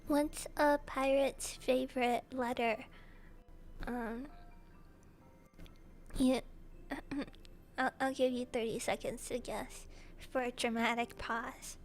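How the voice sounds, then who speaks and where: A high-voiced woman chatting with her viewers in a relaxed, unhurried way. She keeps laughing between playful jokes and mock-royal bits. Faint music plays underneath. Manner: giggly and playful, laughs often between lines; joking, self-mocking princess bits. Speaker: streamer answering viewer questions. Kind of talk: casual Q&A chat.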